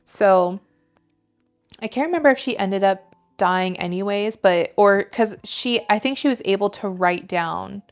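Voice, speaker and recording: Woman podcast host, casual chatty recap, filler-heavy, mid pitch, soft music underneath. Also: a little slow. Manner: chatty, lots of "like" fillers, swears freely.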